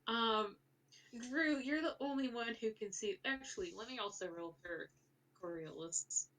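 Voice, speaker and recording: A woman's voice: a little high, a little slow, a bit bright. Rambling woman game master, a bit distant. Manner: rambling, many fillers and restarts. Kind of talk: narrating a tabletop game.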